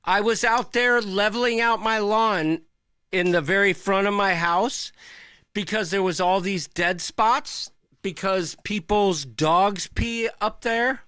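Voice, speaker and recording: High, bright-voiced man ranting animatedly. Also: takes it slowly, clean tone, dry recording. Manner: animated, ranting, mock-outraged. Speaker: co-host. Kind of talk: casual live chat.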